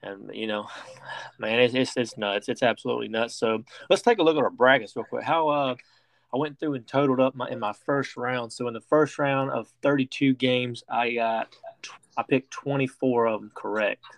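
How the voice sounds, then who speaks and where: A man's voice: medium pitch, normal speed, vocal fry, no room sound. Rambling man hosting a dry sports podcast. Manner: rambling, many restarts and fillers. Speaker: podcast host. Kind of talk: casual sports talk.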